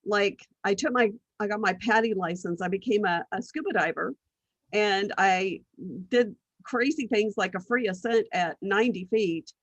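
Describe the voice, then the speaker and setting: A woman's voice: mid-range voice, normal speed, no room sound, highs cut off. A middle-aged woman telling stories from her life in a casual interview, acting out what others said and laughing often. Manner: animated anecdotes, acts out quoted voices, laughs often. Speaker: guest, business strategist.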